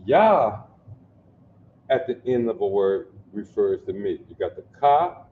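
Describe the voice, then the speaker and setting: A man's voice: lowish voice, sing-song, a little hiss or hum. A man teaching a language lesson, explaining word by word, repeating himself and often checking that listeners follow. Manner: slow, repetitive, checks understanding often. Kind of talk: classroom lesson. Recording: dull lo-fi audio in an echoey room.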